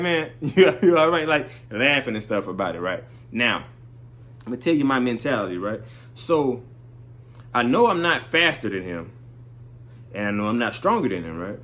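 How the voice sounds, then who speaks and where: A middle-aged man spins a casual story in a loose, rambling way. He keeps tossing in little check-ins, and his voice sits at an ordinary, middle pitch for a man. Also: fairly bright tone.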